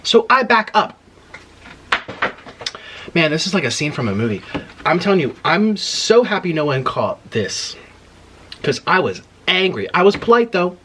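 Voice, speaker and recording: A man hosting an eating video, retelling an annoying drive-thru visit in an indignant, animated way between bites. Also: high-pitched, a little slow, pauses often, slight background noise. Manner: animated, indignant retelling with mouth-full murmurs. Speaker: mukbang host. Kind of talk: storytelling while eating on camera.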